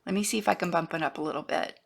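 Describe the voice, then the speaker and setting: A woman's voice: fairly low pitch, very fast, creaky. A woman, chatting casually and rambling as she shows her craft supplies. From Florida, USA. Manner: chatty, rambling, trails off and restarts, drops to a whisper at times. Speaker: craft vlogger. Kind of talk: casual show-and-tell.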